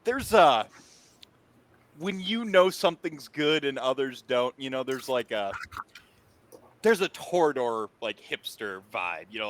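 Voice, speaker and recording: A man running a tabletop game, pitched in the middle range. He meanders through his scene descriptions, piling up fillers and restarting his sentences. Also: fairly bright tone, slight background noise. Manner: rambling, many fillers and restarts. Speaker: game master.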